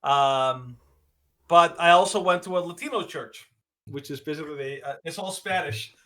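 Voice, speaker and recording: A man's voice: a little high, normal speed, a bit bright. A man co-hosting a podcast in casual chat, joking and laughing often. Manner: jokey, laughs often, puts on silly accents. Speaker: podcast co-host.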